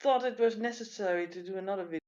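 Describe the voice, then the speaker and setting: A woman's voice: medium pitch, rapid-fire, a little mellow, highs cut off. A woman whose first language is not English, teasing and chuckling on an online panel. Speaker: panel guest. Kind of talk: casual panel chat.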